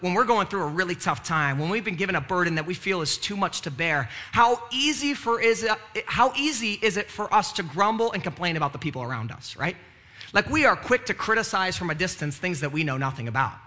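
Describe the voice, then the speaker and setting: A man's voice: high voice, bright, forceful tone. A male pastor preaching a sermon in a conversational way, with frequent "right?" asides and moments of rising fervor.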